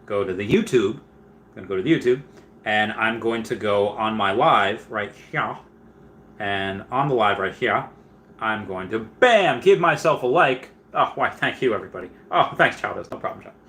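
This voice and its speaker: A man hosting a casual livestream who rambles on, reads viewer comments aloud and breaks into loud, excited bursts. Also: lowish voice, normal speed, slight background noise. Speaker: livestream host.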